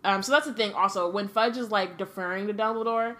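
A woman's voice: mid-range voice, a little fast, sharp tone. A young woman co-hosting a podcast, reading a novel aloud in a plain voice and breaking off for blunt, profane asides. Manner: reads a novel aloud with little character acting, drops into profane asides. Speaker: podcast co-host. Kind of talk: casual read-aloud and book chat.

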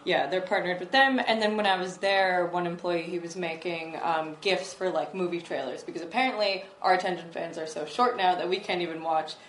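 Woman co-host, chatty, hesitant, lowish voice, echoey room with faint hiss. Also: brisk, few pauses. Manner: chatty, hesitant with fillers, laughs often. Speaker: co-host presenting startups. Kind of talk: casual tech chat.

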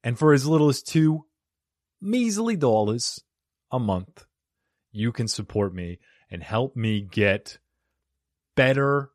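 A man's voice: medium pitch, a little slow, no room sound. A man hosting a comedy podcast, joking and self-deprecating as he talks casually into a studio mic. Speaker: podcast host. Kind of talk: casual podcast intro and chat. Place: home studio in Arizona. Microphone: studio microphone.

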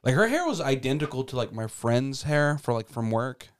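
A man of middle pitch co-hosting a podcast, talking in a relaxed, rambling way. He fills his sentences with um and like and swears freely between jokes. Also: moderate pace. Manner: rambling, laid-back, many fillers and profanity. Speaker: podcast co-host. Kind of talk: casual chat.

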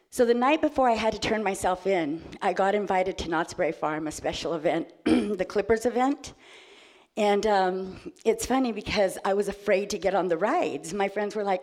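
A woman's voice: medium pitch, normal speed. A woman telling a personal story to an audience, laughing often and acting out the dialogue. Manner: animated, laughing, acts out dialogue.

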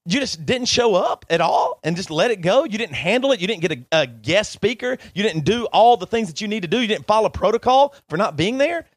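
Brief: male podcast co-host, emotional and pleading in a heated argument, slightly higher voice, dry close sound. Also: sing-song, a little fast, hardly any pauses, no echo. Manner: emotional, pleading, talks over others. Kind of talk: heated argument between friends.

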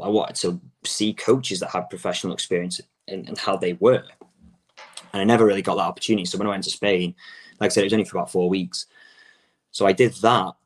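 A young Englishman with a low, deep voice talks casually as a guest about coaching soccer. He rambles loosely, circling back and restarting his sentences and leaning on filler words. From England. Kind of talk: casual interview talk.

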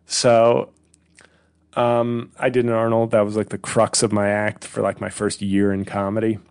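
Brief: sardonic comedian host, gravelly mid voice, dry close mic. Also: male voice, fairly low pitch, little pitch movement, moderate pace, a little mellow, dry recording. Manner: rambling, profane, sardonic. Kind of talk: casual solo podcast monologue.

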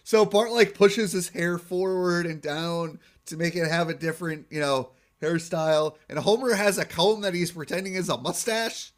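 A man's voice: a little high, moderate pace, hardly any pauses. A man co-hosting a podcast, casually recapping a cartoon episode in rambling talk, laughing often and acting out quotes. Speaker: podcast co-host.

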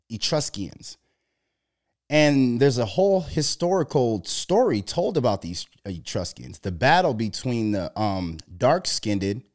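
A man talking in a loose, profane monologue, telling animated stories and putting on mocking voices as he quotes people. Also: mid-range voice. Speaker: podcast co-host. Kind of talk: casual monologue.

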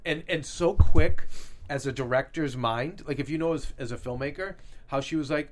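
Animated, excitable man in casual chat. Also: on the high side, moderate pace. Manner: animated, excitable, acts out quotes. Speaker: podcast co-host.

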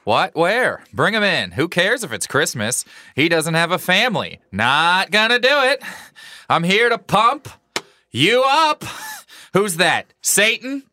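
A man's voice: sits high, sing-song, slow pace, bright, forceful tone. A man performing characters in a comedy sketch, with playful character voices.

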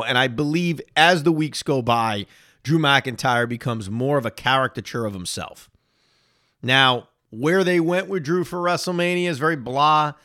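Man, podcast host, sarcastic rant, exasperated, mid pitch, dry close sound. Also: fairly bright tone, dry recording. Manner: sarcastic, exasperated rants with rhetorical questions. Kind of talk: solo reaction commentary.

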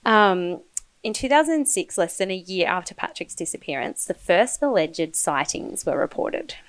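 A woman's voice: lowish voice, very animated, normal speed, dry recording. A woman hosting a casual true-crime podcast, telling the case in a gossipy way, swearing freely and laughing often. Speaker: podcast host.

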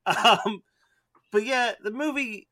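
A man co-hosting a casual podcast about a movie, animated and laughing often, slipping into put-on accents. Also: very high voice, slow pace, dry recording, studio quality. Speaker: podcast co-host. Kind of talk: casual movie review chat.

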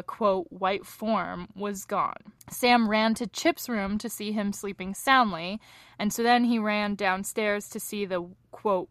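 A young woman co-hosting a true crime podcast, telling the case in a chatty, animated way and laughing often, tired from little sleep. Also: medium pitch, no room sound. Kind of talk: casual true crime chat.

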